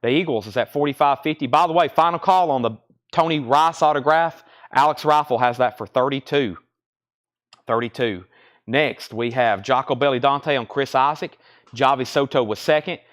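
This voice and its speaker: A man's voice: medium pitch, a bit bright. A man hosting a live record sale, rattling off titles and prices with chatty asides. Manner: rapid-fire listing of items and prices, chatty asides. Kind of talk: live-stream auction calling.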